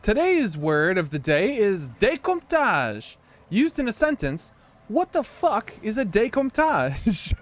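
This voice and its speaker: An American man streaming a video game, giving casual, joking commentary with rambling asides. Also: high voice. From United States.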